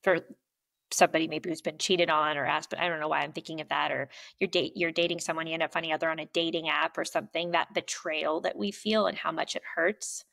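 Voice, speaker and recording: Brief: woman guest, frank and animated, swears freely, a gravelly edge to her voice. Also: sits low, fast talker. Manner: animated, candid, swears freely, acts out quoted speech. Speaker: podcast guest, poet and coach. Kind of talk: casual conversational interview. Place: lives in a small coastal town in California.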